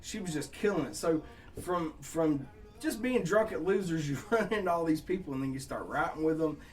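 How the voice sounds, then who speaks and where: A songwriter from Southeast Georgia with a Southern accent, telling rambling, laughing, profane stories in a casual chat. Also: male voice, a little high, expressive, a little fast, soft background music. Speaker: songwriter guest.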